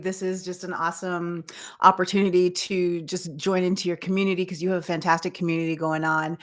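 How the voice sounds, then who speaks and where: A woman from Canada with a Canadian accent, a branding strategist guest speaking energetically in an interview. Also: lowish voice. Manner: energetic, laughing easily.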